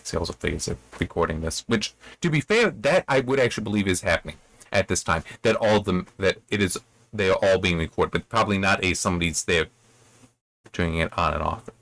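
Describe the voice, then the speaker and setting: A man's voice: low voice, a little fast, creaky, fairly bright tone. A man reviewing a novel, reading passages aloud and adding rambling, self-correcting commentary. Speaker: book reviewer.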